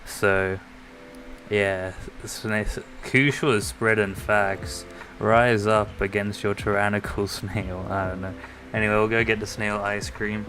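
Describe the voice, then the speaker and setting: A man chatting quietly on a live stream, keeping his voice soft because of a sore throat. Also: fairly low pitch, flat delivery, takes it slowly. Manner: soft-spoken, near-ASMR quiet talk. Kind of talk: casual stream chat. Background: faint lo-fi music.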